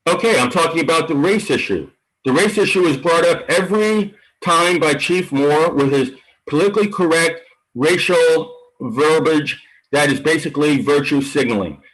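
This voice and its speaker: A man with a fairly high voice calls in to a public meeting. He argues his point in a combative, blunt way. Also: fairly bright tone, poor audio. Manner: combative, argumentative. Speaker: public commenter. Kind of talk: public comment.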